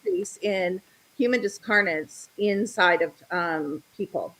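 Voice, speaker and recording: A woman's voice: mid-range voice, unhurried, low-quality recording. A middle-aged woman, a guest on a talk show, chatting casually and acting out the people in her stories. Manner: animated storyteller, acts out quoted voices. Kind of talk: casual interview chat.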